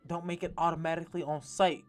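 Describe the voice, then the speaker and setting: A woman voicing a man quietly warning his sister to keep her cool, in a lowered, cautious tone. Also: flat delivery, quick pace, faint music behind, lightly acted. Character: hushed man urging his sister to stay calm.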